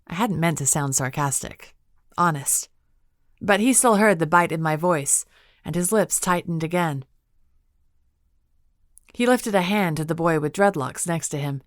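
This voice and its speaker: A woman narrating a fantasy audiobook in the first person, in a steady, measured storytelling manner from a studio booth. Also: sits low, dry recording.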